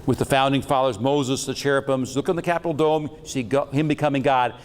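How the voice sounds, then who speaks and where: A man's voice: mid-range voice, steady tone, quick pace, big-room sound, slight background noise. A man giving a lecture with slides on metaphysics, talking in a rambling, jokey and irreverent way.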